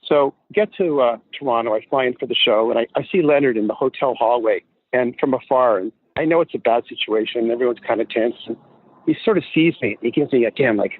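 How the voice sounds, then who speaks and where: Fast, animated male storyteller over a dry, tinny phone line. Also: mid-range voice, slightly rough. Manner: animated storyteller, acts out voices. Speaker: guest promoter. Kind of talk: telling a story on a podcast.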